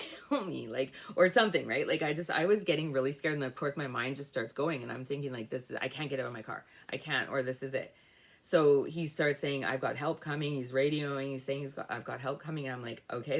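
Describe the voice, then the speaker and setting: A woman telling a personal story on camera in a rambling, emotional way, with many fillers and restarts. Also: low-pitched.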